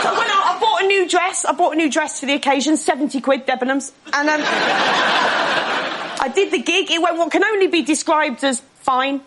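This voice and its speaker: A woman telling a stand-up story in a dry, deadpan way. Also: high-pitched, brisk, over a noisy crowd, heavy background noise. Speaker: stand-up comedian. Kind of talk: stand-up set.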